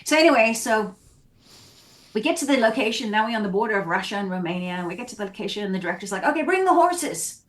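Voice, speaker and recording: A woman from South Africa, an actress guest, telling animated stories in a casual interview and acting out the scenes and voices as she goes. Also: medium pitch, very fast.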